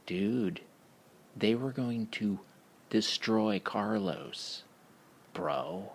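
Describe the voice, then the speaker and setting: A man telling a casual, profane story, laughing as he goes in an animated way. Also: fairly low pitch, slow, creaky, pauses often, slightly rough.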